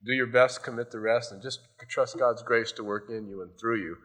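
A man's voice: mid-range voice, steady tone, normal speed, fairly bright tone. A male pastor giving a sermon in a loose, conversational storytelling way, often adding "you know".

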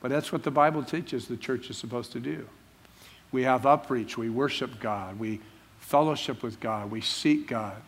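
A man's voice: medium pitch, moderate pace, breathy edge. A man preaching a sermon, working through a Bible passage verse by verse and repeating phrases for stress, in a church sanctuary. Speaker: pastor.

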